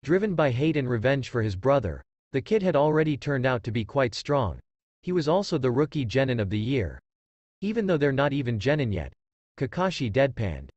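A man reads a fan fiction story aloud in a steady storytelling manner. His pitch moves with lively swings, and the sound is dry and close to the mic. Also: brisk, no echo, muffled recording. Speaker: story reader.

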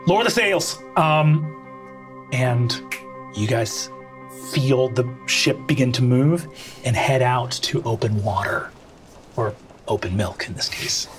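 A man's voice: medium pitch, slow, pauses often, soft background music. Casual man narrating a tabletop game. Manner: loose and casual, many fillers. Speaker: game master.

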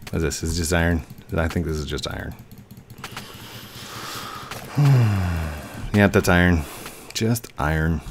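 A man's voice: sits low, a little slow, pauses often, slight background noise. A man giving playful, chatty commentary on a game he is playing and talking to himself as he goes. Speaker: gaming YouTuber. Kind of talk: gameplay commentary.

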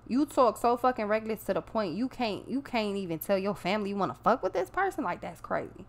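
A woman's voice: mid-range voice, animated, brisk. A woman giving a casual tarot reading, talking bluntly and emphatically with plenty of swearing. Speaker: tarot reader.

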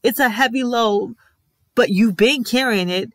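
Speaking at a measured pace in a slightly high voice, a TV reaction vlogger gives earnest, emphatic commentary on an episode. She sounds emotional and keeps repeating affirmations with feeling, and the recording is dry.

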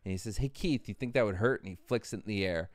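A man hosting a casual chat, telling an anecdote in a relaxed way with casual swearing. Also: fairly low pitch, fast talker, no echo. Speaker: host.

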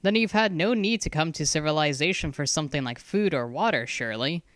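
A narrator voicing a calm, patient male school founder who has travelled the world, in a storybook reading. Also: mid-range voice, brisk, no echo, clean studio sound, close to an everyday voice. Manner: calm, patient, gently insistent.

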